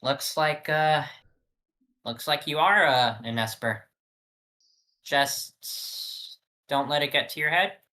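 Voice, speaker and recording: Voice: mid-range voice, slow pace, pauses often, sharp tone. A player voicing a woman mentor pilot in a tabletop game, calling out encouragement with a wry warning. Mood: teasing. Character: female mentor pilot, dry and teasing.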